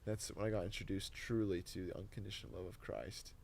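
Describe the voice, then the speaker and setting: A young man, a podcast guest, telling a personal testimony in casual, animated, emotional conversation full of "like" and "dude". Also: deep voice, fast, creaky, a little hiss or hum.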